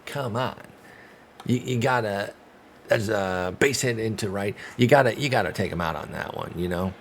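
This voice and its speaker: Gaming streamer, male, deep voice; relaxed play-by-play that flips into exasperated outbursts. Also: normal speed, slight background noise. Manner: animated, swings from calm calls to loud outbursts and groans. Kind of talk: casual play-by-play of a baseball sim.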